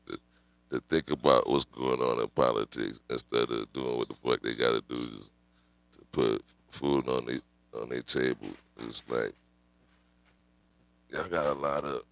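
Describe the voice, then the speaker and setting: A man's voice: rumbling low, creaky, a bit bright, dry recording. A man hosting his own livestream, ranting casually with rambling, profane slang and frequent laughter. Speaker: livestream host. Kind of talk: casual live-stream rant.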